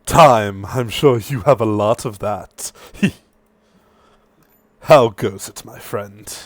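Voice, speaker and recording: A man's voice: lowish voice, slow pace, no echo, pitched below the performer's own voice. A man voicing a grandiose, mocking male serpent king who taunts and cackles. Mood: smug.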